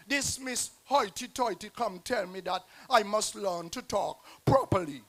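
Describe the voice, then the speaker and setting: Guest poet, man, Nevisian Creole accent, very high voice, slow rhythmic rhyming recital with big dynamic swings. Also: expressive. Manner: rhythmic rhyming delivery, dramatic shifts in loudness. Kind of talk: performance poetry recital. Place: outdoor stage at a festival square.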